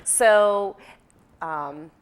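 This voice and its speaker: A woman's voice: mid-range voice, very slow, clean tone. A woman hosting a culture interview show, encouraging her guest with frequent affirming replies in casual chat. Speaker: host.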